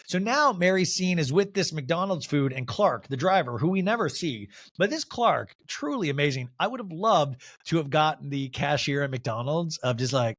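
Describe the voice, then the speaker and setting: A man's voice: a little high, lively intonation, moderate pace, a bit bright. A man hosting a solo TV recap podcast, gossipy and sarcastic as he talks through an episode. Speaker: podcast host.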